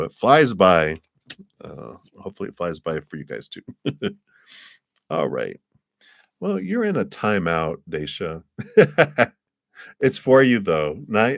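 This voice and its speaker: Against slight background noise, a man with a fairly low voice gives a live tarot reading. He sounds encouraging and rambles, chuckling often and restarting his sentences.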